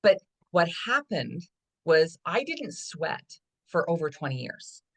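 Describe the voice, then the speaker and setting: A woman guest on a podcast, a body trust coach, telling stories in a lively way and acting out what people said. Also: low voice, takes it slowly, creaky, husky. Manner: animated storytelling, acting out dialogue. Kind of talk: casual podcast conversation.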